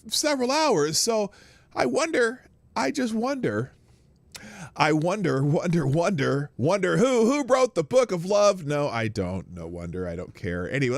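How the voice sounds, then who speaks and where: A high-pitched man, recorded with no room sound, hosts a rambling morning live stream. Animated throughout, he greets his audience member by member by name and slips into wandering asides.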